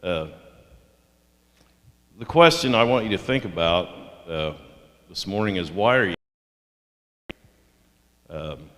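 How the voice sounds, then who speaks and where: An older man giving a halting, heartfelt communion talk in a church, pausing often with fillers. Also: sits low, lively intonation, a bit bright. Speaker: lay speaker at communion. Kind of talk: sermon. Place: church sanctuary. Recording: echoey church hall.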